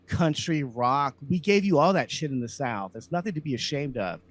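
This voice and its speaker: A man's voice: fairly high pitch, expressive, moderate pace. A man from Louisiana, a comedian hosting a podcast, ranting heatedly and profanely in casual talk.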